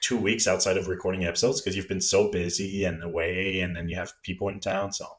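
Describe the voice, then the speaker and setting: Deep-voiced teasing male podcast host. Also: flat delivery. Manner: teasing and quick to laugh. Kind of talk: casual chat.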